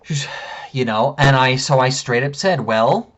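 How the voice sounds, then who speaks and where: A man's voice: medium pitch, fairly even intonation, moderate pace, a bit bright. A man telling a story in an angry, profane rant, heated and indignant. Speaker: vlogger.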